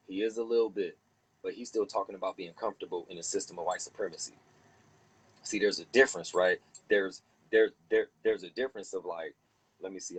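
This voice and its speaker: A man hosting a heated casual discussion, animated and profane, preaching and acting out other people. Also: sits low, slightly rough, low-quality recording.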